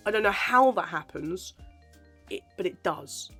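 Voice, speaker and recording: A woman's voice: lowish voice, expressive, unhurried, fairly bright tone, slightly rough, faint music behind. A woman in her twenties from England with a Southern English Portsmouth accent, chatting casually in a giggly, self-deprecating way. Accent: Southern English, Portsmouth area. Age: 20s. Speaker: aspiring actor vlogger. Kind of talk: casual chat.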